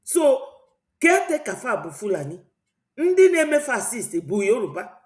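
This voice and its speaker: A woman's voice: fairly high pitch, very animated, normal speed, darkish tone. A woman from Southeast Nigeria with an Igbo accent hosts a political commentary vlog, talking in a rambling, preachy way. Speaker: channel host. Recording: roomy echo.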